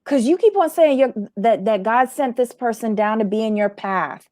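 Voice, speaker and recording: A woman's voice: a little high, animated, moderate pace, a little mellow, dry recording, studio quality. A woman hosting a casual reality TV commentary show, talking bluntly and with lots of energy, swearing and acting out quotes.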